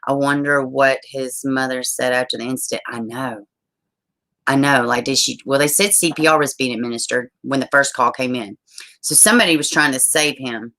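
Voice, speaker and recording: Woman live-stream host, low voice, chatty, laughs a lot, reads comments aloud. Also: steady tone, normal speed, fairly bright tone. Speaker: livestream host. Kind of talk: casual live-stream chat and news reading.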